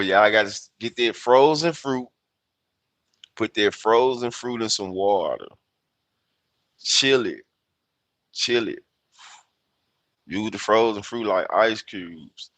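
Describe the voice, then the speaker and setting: A man's voice: on the low side, a bit bright, no echo. A man in his fifties with a Memphis accent, chatting loosely on a livestream, rambling, swearing and laughing at himself. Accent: Southern US, Memphis. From United States. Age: 50s. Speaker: livestream host. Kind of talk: casual livestream chat.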